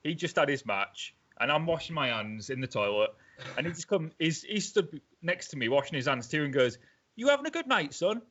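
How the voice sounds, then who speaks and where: A man's voice: mid-range voice, a little fast, fairly bright tone, highs cut off. Chatty podcast host man. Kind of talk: casual interview chat.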